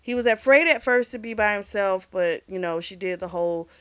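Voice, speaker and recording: A woman talks through a book she has been reading, loose and conversational, full of "you know" and "like." She slips in quick snatches of the characters' dialogue and the occasional mild swear as she goes. Her voice sits at an ordinary middle pitch. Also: a bit bright, clear, resonant tone. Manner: chatty and informal, retells scenes by briefly acting out the characters' lines; mild swearing, frequent fillers. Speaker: book club host reviewing a novel. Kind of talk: casual book recap.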